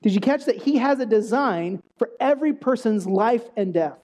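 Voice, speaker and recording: A preacher giving a relaxed, conversational sermon with a mellow, darker tone. The speaker often checks in with the congregation by asking "right?" and brings quoted lines to life with lively acting. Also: mid-range voice, normal speed. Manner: animated, acts out quoted speech. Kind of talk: conversational sermon on a Bible passage.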